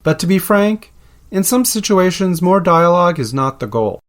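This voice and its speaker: A man's voice: sits high, very animated, normal speed. A man hosting a podcast, narrating from a script in a playful, explanatory way. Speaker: podcast host.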